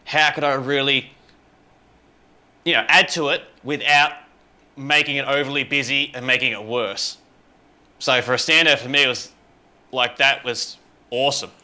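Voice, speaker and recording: A man's voice: medium pitch, steady tone, moderate pace, long pauses, pushed and bright. A man in a casual podcast chat, talking enthusiastically and rambling about his guitar parts. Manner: enthusiastic, rambling, full of fillers. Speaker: guitarist and co-host.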